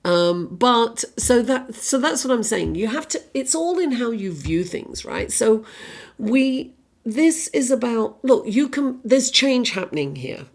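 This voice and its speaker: A woman with a non-American accent gives a casual tarot reading, rambling chattily with plenty of "you know" and "right?" while a bit under the weather and coughing. Her voice is on the high side and very animated, at a measured pace.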